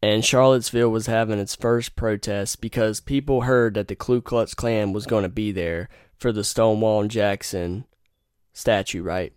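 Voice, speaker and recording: A man's voice: fairly low pitch, steady tone, normal speed, darkish tone, smooth, dry recording, clean studio sound. A young man hosting a podcast, telling rambling, profane stories and giving blunt opinions in a casual monologue. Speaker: podcast host.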